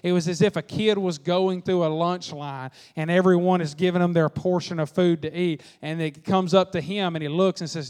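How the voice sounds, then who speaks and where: A man preaching a Sunday sermon, folksy and animated, acting out quotes along the way. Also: sits high, normal speed, hardly any pauses. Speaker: pastor. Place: church sanctuary. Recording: long reverb of a church hall.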